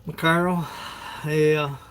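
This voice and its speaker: On a phone livestream, a host chats casually in a rambling, folksy way and laughs often. His voice sits on the high side and is a bit bright, with a flat delivery and a very slow pace. Slight background noise can be heard.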